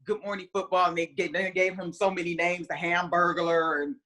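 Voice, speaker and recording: A woman in her forties tells a story with a lower voice and a forceful, bright edge. She rambles with plenty of "you know" and "kinda," and breaks into livelier voices whenever she acts out what people said. The talk is a loose, chatty guest interview. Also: fairly quick. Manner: animated, re-enacts conversations in quoted voices. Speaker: guest, mother of a player.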